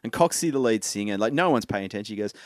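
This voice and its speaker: A man co-hosting a podcast, telling rambling anecdotes full of fillers in an animated way. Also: lowish voice, racing, no room sound, clean studio sound. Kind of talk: casual chat.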